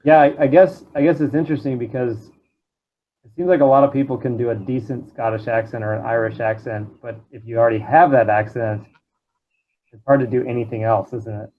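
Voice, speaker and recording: A man's voice: medium pitch, fairly even intonation, brisk. Man, podcast guest, hesitant, curious questions, dull lo-fi audio, faint hiss. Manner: hesitant, curious, laughs often. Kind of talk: casual chat.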